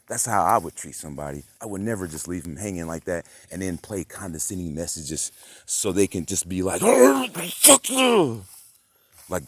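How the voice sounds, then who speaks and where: A man vlogging a rambling, profane rant that swings between muttering and loud outbursts. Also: low-pitched, no echo. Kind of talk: rambling monologue.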